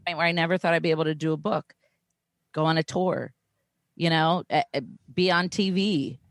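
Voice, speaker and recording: Chatty low-voiced young woman. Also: steady tone, moderate pace, no echo. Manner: chatty, self-deprecating, swears casually. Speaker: podcast co-host. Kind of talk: casual chat.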